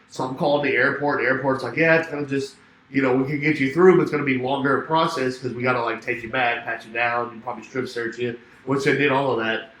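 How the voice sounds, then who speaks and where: A young man telling a rambling party story in casual chat, swearing and laughing, acting out both sides of phone calls. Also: mid-range voice. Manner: swearing, laughing, animated anecdote with quoted dialogue. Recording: echoey room with faint ambience.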